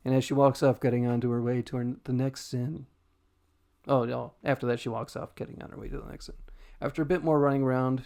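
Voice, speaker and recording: A man hosting a podcast who recaps a story in loose, casual talk. He laughs often and swears freely. His mid-pitched voice carries a rough gravel. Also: a little mellow. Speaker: podcast host.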